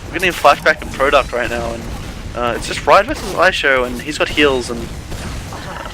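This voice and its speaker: A man casting a live online game match, calling the play quickly and chatting with his co-caster. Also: mid-range voice, expressive, over music, rough recording. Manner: quick, chatty, laughs often. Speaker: esports caster.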